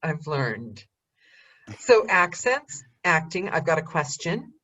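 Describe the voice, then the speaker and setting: A woman hosting a casual interview over a video call, chatty and animated, often restarting her sentences and laughing. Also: deep voice, slow. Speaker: host.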